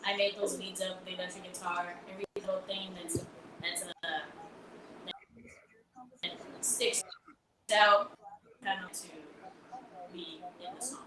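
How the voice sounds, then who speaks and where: A woman's voice: mid-range voice, flat delivery, a little slow, pauses often, roomy sound, noisy background. A young woman, a singer being interviewed on the radio, talking casually and rambling with many fillers and restarts. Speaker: guest singer-songwriter.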